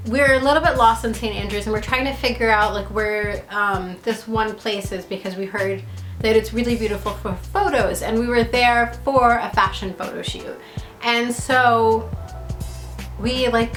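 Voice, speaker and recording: Full of fillers and laughter, a young vlogger and actor rambles through travel stories in a fairly high, slightly bright voice. She leans heavily on "like" in this casual storytelling vlog, recorded in an echoey room with faint background music.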